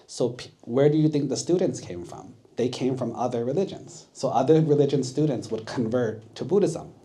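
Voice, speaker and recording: Mellow-voiced monk teaching kids. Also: male voice, mid-range voice, moderate pace. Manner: asks the audience questions, checks with 'right?'. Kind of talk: sermon for kids, storytelling. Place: temple.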